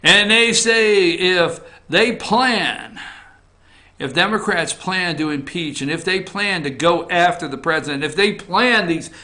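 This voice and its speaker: A man hosting an opinion show from an office, animated, jumping between loud outbursts and muttered asides. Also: high-pitched, a little slow. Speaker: host. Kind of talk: opinion commentary on news and politics.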